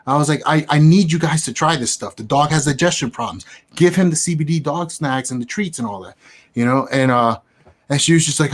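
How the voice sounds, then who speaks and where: A man's voice: medium pitch, fast talker. A young man telling a casual, profane story in an interview and acting out the dialogue. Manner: animated, profane, acts out quoted dialogue. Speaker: guest, business affiliate.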